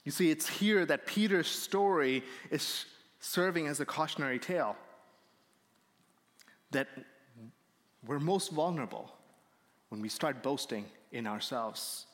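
A man's voice: a little high, lively intonation, unhurried, long pauses, a bit bright. A male pastor delivering a sermon, earnest and building up to emphatic points, recorded in a church. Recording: long reverb of a hall.

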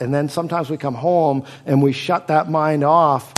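A man preaching a sermon in a church, his voice sitting a little on the higher side. He drives his points home by repeating key phrases and slipping into quoted voices. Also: fairly even intonation, moderate pace, few pauses. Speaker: pastor.

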